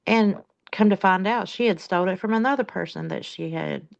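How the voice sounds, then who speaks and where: Gravelly-voiced woman, dull lo-fi sound. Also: mid-range voice, brisk. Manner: rambling, many fillers. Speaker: family caregiver in discussion. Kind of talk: casual group discussion.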